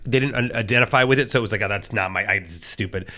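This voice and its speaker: Quick-talking man asking questions. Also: fairly low pitch, pushed and bright. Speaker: guest co-host. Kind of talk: casual studio chat. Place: podcast studio.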